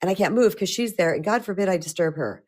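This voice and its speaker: Chatty middle-aged woman coach, lowish voice. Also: fast talker. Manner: chatty, animated, with frequent restarts. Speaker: spiritual empowerment coach. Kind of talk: casual live-stream talk.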